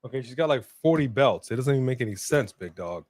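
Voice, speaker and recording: Excitable guy co-hosting a wrestling stream, medium voice, dry room, yells a lot. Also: mid-range voice, quick pace, no room sound. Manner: excitable, bursts into shouts and laughter. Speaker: co-host of a wrestling watch-along. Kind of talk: casual live commentary chat.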